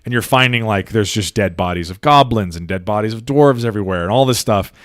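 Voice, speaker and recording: A fairly quick, lower-pitched man co-hosts a podcast, excitedly recounting movie scenes in casual chat. He swears a lot and acts out the lines, and the recording is dry and studio quality.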